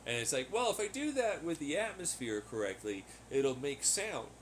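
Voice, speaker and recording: A man hosting a podcast in a rambling, casual monologue, swearing freely, laughing often and getting loud when excited. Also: a little high, normal speed, a little hiss or hum. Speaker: podcast host. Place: at home on laundry day.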